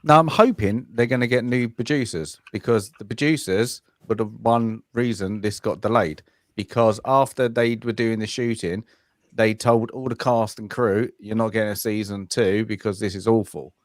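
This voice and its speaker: A man's voice: fairly low pitch, steady tone, moderate pace, no room sound, clean studio sound. A man on a casual online panel, blunt and sweary, explaining things matter-of-factly. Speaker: panel guest.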